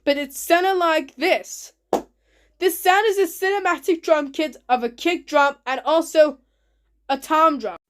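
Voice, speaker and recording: A woman hosting her own video, narrating casually with excited, simple, repetitive phrasing. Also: high voice, a little slow, a little hiss or hum. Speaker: channel host.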